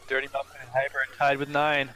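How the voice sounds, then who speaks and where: Excited man calling a drone race. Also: medium pitch, faint music behind. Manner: excited, quick play-by-play. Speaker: race commentator. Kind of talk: live race commentary.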